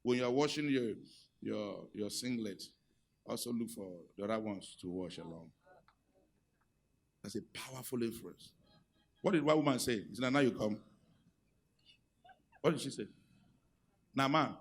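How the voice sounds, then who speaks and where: Nigerian preacher guy, middle aged, bit husky, goes from quiet to loud, lively pitch. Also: normal speed, pauses often. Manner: animated preaching, swings from quiet asides to loud exhortation. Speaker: pastor. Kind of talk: sermon on marriage and leadership.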